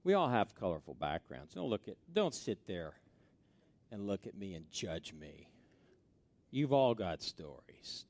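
Man preaching with hushed asides and loud peaks. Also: lowish voice. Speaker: pastor. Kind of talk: sermon.

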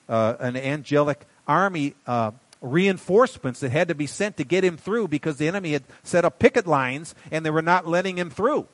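A man preaching a sermon in a folksy way, swinging from quiet asides to loud emphatic bursts. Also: on the high side, no room sound. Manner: folksy, calls listeners buddy and darling. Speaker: pastor.

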